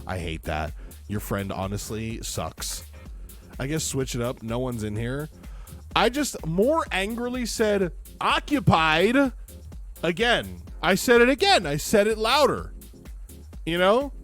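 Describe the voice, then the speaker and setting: Animated, exasperated male streamer. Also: mid-range voice, unhurried, soft background music. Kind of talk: casual storytelling chat.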